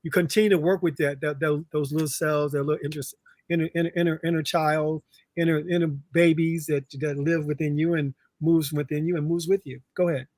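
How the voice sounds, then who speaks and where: A man's voice: fairly high pitch, level tone, a little fast, darkish tone, no echo, clean studio sound. A man, a relationship coach appearing as a guest, talking in an earnest, emphatic way and often repeating words. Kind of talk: casual chat.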